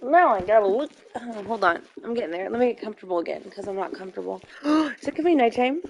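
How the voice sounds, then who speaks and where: A woman's voice: a little high, animated, fast, a little hiss or hum. A young woman chatting casually while playing a game, telling stories with lots of fillers and giggles. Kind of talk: casual chat while gaming.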